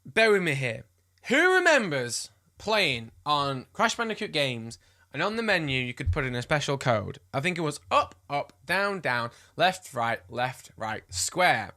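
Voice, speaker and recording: A man's voice: on the high side, very animated, a little slow, sharp tone. A man chatting casually as a gaming vlogger, enthusiastic and gushing, with playful asides. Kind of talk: casual chat.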